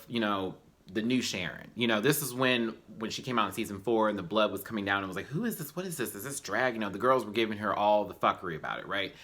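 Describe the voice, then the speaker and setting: Chatty bright-voiced young man reviewing. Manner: chatty, animated, slangy, with high-pitched exclamations. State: tired. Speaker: YouTube reviewer. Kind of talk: casual review vlog.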